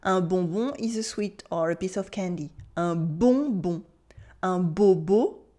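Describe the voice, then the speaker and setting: A French woman teaching pronunciation in English with a French accent, enunciating slowly and carefully and prompting the listener to repeat after her. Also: lowish voice, mellow. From France. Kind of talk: pronunciation lesson.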